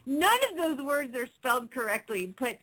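A woman's voice: sits high, expressive, normal speed, pushed and bright, low-quality recording. A woman co-hosting a casual chat show, laughing often as she talks. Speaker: co-host.

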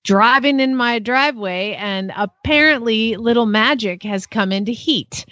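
A woman's voice: on the high side, a little slow, bright, forceful tone, dry recording, lo-fi sound. A woman co-hosting a casual podcast, reading ads aloud in a dry, mocking way. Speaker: podcast co-host.

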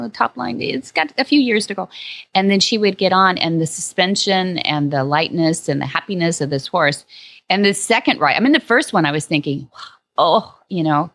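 A woman co-hosting a casual chat, telling a lively story with frequent laughter. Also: lowish voice, vocal fry. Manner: animated storytelling, laughs often.

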